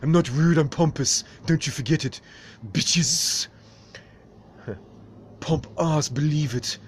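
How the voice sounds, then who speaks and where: A man voicing a rude, pompous male sidekick who is snide, boastful and quick to call people names. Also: on the high side, slight background noise, voice pushed up. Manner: snide, boastful, name-calling.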